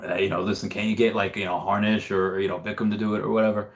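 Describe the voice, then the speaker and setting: A man doing a gruff voice as a weary retired soldier who refuses a call back to duty. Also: fairly low pitch, flat delivery, quick pace, lightly acted. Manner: world-weary, reluctant.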